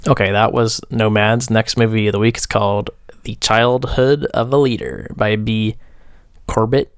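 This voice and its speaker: A man's voice: lowish voice, fairly even intonation, moderate pace, clear, resonant tone, dry recording, studio quality. A young man casually reviewing films as host, rambling with fillers in a wry, dismissive way. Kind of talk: casual film review chat.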